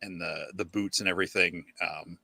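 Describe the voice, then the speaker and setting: A man hosts a casual podcast in a bright, edgy voice that sits a little low. He talks with enthusiasm but hesitates often, with many ums and restarts. The sound is close and dry. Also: fairly even intonation, moderate pace, vocal fry, dry recording. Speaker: podcast host. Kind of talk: casual chat about collectible toys.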